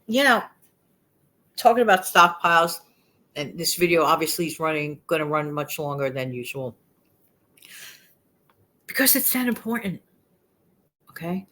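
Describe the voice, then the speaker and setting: A woman's voice: low voice, lively intonation, moderate pace, pauses often, pushed and bright. A woman in her sixties with a New York accent, chatting to camera in a rambling, emphatic way as a frugal living vlogger. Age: 60s. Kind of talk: casual chat to camera.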